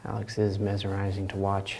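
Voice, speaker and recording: A man hosting a live painting stream, chatting casually and telling loose, rambling stories in a relaxed way. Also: deep voice, brisk, vocal fry, a little hiss or hum. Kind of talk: casual chat while painting. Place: art studio.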